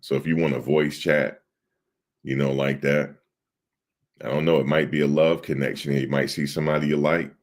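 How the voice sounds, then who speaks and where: A man's voice: very deep voice, flat delivery, normal speed. A man hosting a livestream, rambling in casual chat and talking straight to his viewers in the chat. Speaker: livestream host.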